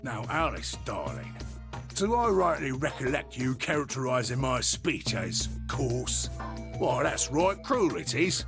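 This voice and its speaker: A gruff male robot golem with a broad Cockney accent, chummy and full of slang. His voice swings widely up and down and rolls out slowly. Game music plays clearly beneath him. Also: mid-range voice, sing-song. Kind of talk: video game voice acting.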